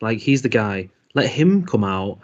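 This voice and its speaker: A man's voice: on the low side, big pitch swings, unhurried, highs cut off. A man co-hosting a podcast, talking casually with friends and laughing often. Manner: chatty, laughs often, swears. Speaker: podcast co-host. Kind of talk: casual chat.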